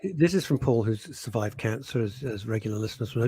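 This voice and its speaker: Husky, lively male radio co-host. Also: medium pitch, quick pace, few pauses. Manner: reads listener messages, dry teasing. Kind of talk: casual radio banter.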